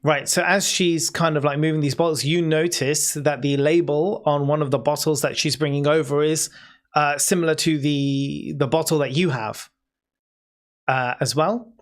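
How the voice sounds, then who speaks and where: British GM narrating a tabletop campaign, halting and descriptive, with a mid-pitched voice. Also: fairly even intonation. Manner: hesitant, many ums, descriptive. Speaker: game master.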